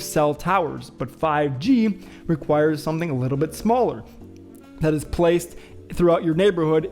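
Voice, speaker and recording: A man's voice: on the high side, a little mellow. Chatty young man riffing on news. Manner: joking, chatty, reads headlines aloud then riffs on them. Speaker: show host. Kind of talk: casual vlog commentary.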